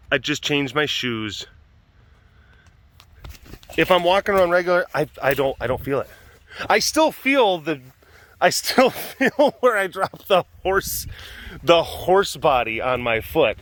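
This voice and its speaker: A man chats casually as host of an animal facility vlog. His voice sits fairly high and swings widely, and he laughs often and restarts his sentences as he goes. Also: a bit bright.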